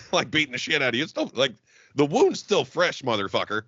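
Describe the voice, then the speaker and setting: A man's voice: medium pitch, wildly swooping pitch, a little fast, fairly bright tone, no room sound, lo-fi sound. An American man co-hosting a podcast, ranting in a rowdy, profane way with bursts of laughter, in casual chat. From United States. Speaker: podcast co-host.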